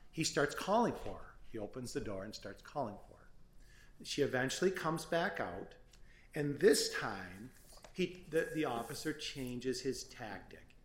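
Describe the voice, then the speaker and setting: A man's voice: mid-range voice, slight background noise. A man arguing an appeal as an attorney, earnest and emphatic, often restarting his sentences. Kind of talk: appellate oral argument. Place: courtroom. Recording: echoey courtroom.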